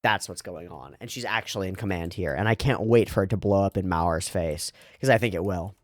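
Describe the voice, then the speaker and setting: A man's voice: low-pitched, fairly quick, no echo, studio quality. A man hosting an anime reaction video, chatting casually about what he sees and reading lines of dialogue aloud. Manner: animated, quotes dialogue and muses aloud, swears casually.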